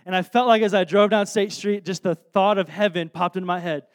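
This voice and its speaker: A man in his thirties preaching through an anecdote, animated and self-deprecating, with lots of restarts. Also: sits high, brisk. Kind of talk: anecdotal sermon storytelling.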